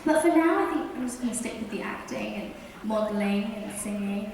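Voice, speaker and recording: A woman's voice: medium pitch, expressive, a little fast, darkish tone. Giggly young woman in an echoey hall. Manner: bubbly, giggly, chatty. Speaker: actor on a fan panel. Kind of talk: casual panel Q&A. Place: large convention hall. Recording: echoey hall from far off, noisy.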